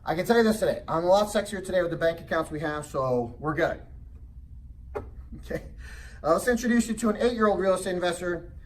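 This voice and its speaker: A middle-aged man presenting a seminar, storytelling and checking in with the room with questions. His voice sits a bit high for a man and comes through from a distance, with a faint hiss of background noise. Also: lively intonation, fast talker. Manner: storytelling, asks the audience questions; acts out child's voice in high pitch. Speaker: real estate educator. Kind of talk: motivational seminar talk.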